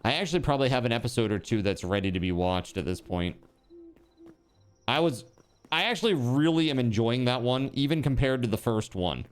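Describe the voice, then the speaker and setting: A man's voice: mid-range voice, animated, brisk, clear, resonant tone, faint music behind. A man streaming a building game, chatting casually and answering his chat aloud.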